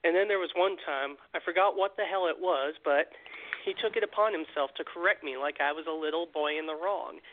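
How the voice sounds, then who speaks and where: A man's voice: a little high, a little fast. Profane man in his twenties on a phone line. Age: 20s. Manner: blunt, profane complaining. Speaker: guest caller. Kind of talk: casual podcast chat. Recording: tinny phone-line audio.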